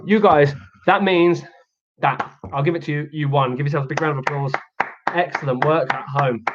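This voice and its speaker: A man runs a children's exercise show, teasing his young audience and cheering them on before reading them a picture book. His voice sits a touch higher than most men's. The recording sounds somewhat dull and muffled. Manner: playful, teasing, encouraging, calls out to children at home. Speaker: children's activity presenter. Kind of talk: energetic kids' exercise show with storybook reading.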